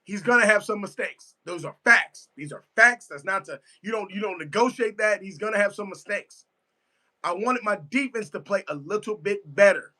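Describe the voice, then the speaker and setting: A sports fan streamer with a high-pitched, bright, forceful voice talks at a normal speed. He reacts live and casually to a football game, emphatic and repetitive, responding to his chat as he goes.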